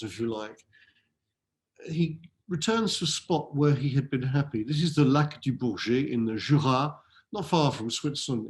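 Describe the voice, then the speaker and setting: A man giving a school talk on French literature, reading French verse and translating it line by line, lifting his voice on the verse. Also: medium pitch. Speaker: literature lecturer. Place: school event hall.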